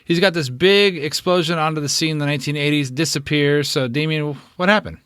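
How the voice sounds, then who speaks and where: A man's voice: on the high side, a little fast, a bit bright, smooth, no room sound. A man co-hosting a podcast in a laid-back, casual way, laughing easily and tossing in short agreeing replies. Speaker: podcast co-host.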